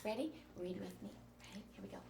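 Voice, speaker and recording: A woman teacher leading a small group through a phonics lesson, patiently and encouragingly modeling each sound clearly. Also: mid-range voice, expressive, fast talker. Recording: distant mic with faint noise.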